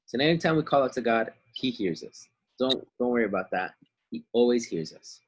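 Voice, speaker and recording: A man's voice: mid-range voice, expressive, fairly quick, rough recording. A man teaching a Bible lesson over a video call, retelling the story casually in everyday slang. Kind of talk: online Bible class lesson.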